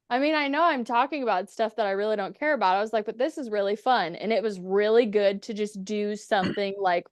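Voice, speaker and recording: Smooth-voiced woman telling stories. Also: medium pitch, no echo. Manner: chatty, profane, acts out quotes. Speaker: podcast guest. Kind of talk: casual storytelling.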